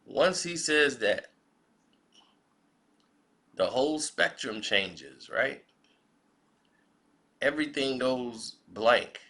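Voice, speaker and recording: Slow, gravelly male commentator. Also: mid-range voice, lively intonation, pushed and bright. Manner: measured, reflective, asks rhetorical questions. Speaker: commentary vlogger. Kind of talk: spoken commentary.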